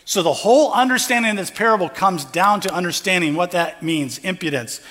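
A man's voice: high-pitched, fairly quick, a bit bright. A pastor preaching a conversational sermon, acting out the parable's characters as he goes. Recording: long hall reverb.

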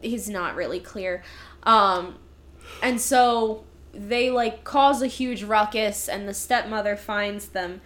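A woman's voice: mid-range voice, takes it slowly. A woman in casual chat retelling a movie, acting out its lines as she goes. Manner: animated storytelling, acting out lines with laughs. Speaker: podcast co-host reviewing a movie.

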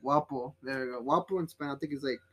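A man's voice: medium pitch, fast, a bit bright. A man chatting casually and rambling a bit, swearing now and then. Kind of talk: casual chat.

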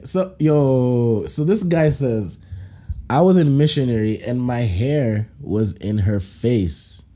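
Laughing, animated man with a mellow, husky voice. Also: on the high side. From Kenya. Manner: animated, laughs often, acts out reactions; slangy banter. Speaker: podcast host. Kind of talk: casual chat, reading listener stories aloud.

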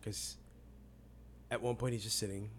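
A man's voice: on the low side, flat delivery, moderate pace, slight background noise. A man co-hosting a book podcast, casually retelling scenes and acting out characters' lines. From New York. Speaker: podcast co-host.

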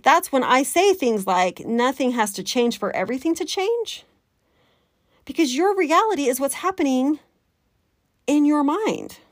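A woman life coach, talking to her listeners in a chatty, animated way and slipping into the voice of her inner critic. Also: a little high, no room sound, studio quality. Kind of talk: coaching podcast talk.

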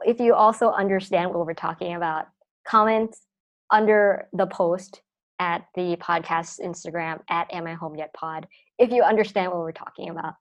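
A woman's voice: medium pitch, muffled recording. A woman hosting a podcast in casual chat, talkative and leaning on the filler "like" as she goes. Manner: chatty, leans on the word "like", friendly sign-off. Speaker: podcast host.

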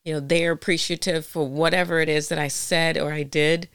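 A woman's voice: low-pitched, steady tone, brisk, a bit bright, smooth, no room sound, studio quality. A woman in her forties hosting a podcast, effusive and openly emotional in conversation. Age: 40s. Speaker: podcast host.

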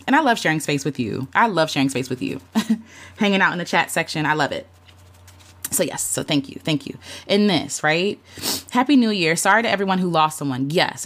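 An emotional woman talks through her year on a live stream, loose and candid, full of "um" and "like." Her voice sits a little low for a woman. She stops often to greet and thank viewers by name. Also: fairly bright tone. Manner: heartfelt, talks openly with lots of fillers and "like". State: emotional, near tears at times. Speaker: content creator hosting a livestream. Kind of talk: casual live-stream chat reflecting on the year.

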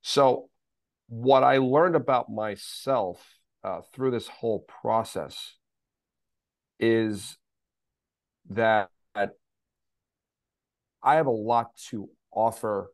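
Drawing out his words and pausing often, a middle-aged man with a fairly low, steady voice speaks as a podcast guest. A special needs father, he's candid and emphatic in this conversational interview, repeating himself and sometimes swearing. The recording is dry.

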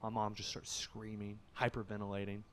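A man from Kentucky, a podcast guest telling a story in casual talk, swinging from loud bursts to hushed, low stretches. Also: completely flat delivery, brisk.

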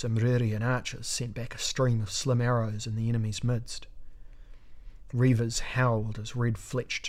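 A man narrating a fantasy battle story in a measured, dramatic audiobook reading. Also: medium pitch.

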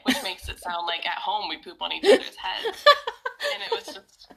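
Young woman podcast cohost, really bouncy expressive voice, laughs a lot. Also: medium pitch, a little slow, gravelly, low-quality recording. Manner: animated storyteller, laughs readily. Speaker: podcast co-host. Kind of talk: casual chat.

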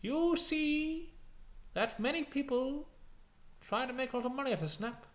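A man putting on a very high, overly formal British voice to play a prissy male casino dealer. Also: animated. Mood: haughty. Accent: British, put on. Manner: shrill, overly formal, slow and clipped.

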